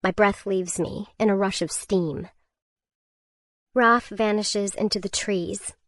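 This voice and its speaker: A woman's voice: medium pitch, fairly even intonation, slow, fairly bright tone, dry recording. Woman narrating a survival thriller, dry. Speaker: audiobook narrator. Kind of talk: first-person scripted narration.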